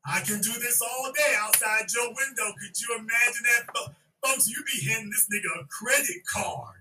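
A man hosting a podcast, loudly riffing on a video he is watching, repeating lines and shouting his jokes. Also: very high voice, normal speed, far from the mic, noisy background. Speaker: podcast host. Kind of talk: loud comedic video commentary.

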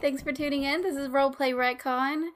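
A woman's voice: high voice, steady tone, a little fast, music in the background. A woman hosting a podcast in a casual, bubbly way, laughing often. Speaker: podcast host.

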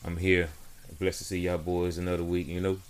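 A man with a low, deep voice talks in an easygoing, slangy way about his week. It is relaxed, unscripted chat among friends, and he tells his story plainly. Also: a little fast, a little hiss or hum. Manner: laid-back, slangy, storytelling. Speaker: truck driver, podcast co-host. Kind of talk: casual chat.

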